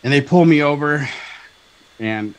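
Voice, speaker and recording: A man in his fifties from Southern California, a talk show guest telling a personal story in an animated way, acting out dialogue and often asking "right?". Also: fairly high pitch, measured pace, clean tone, muffled recording. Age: 50s.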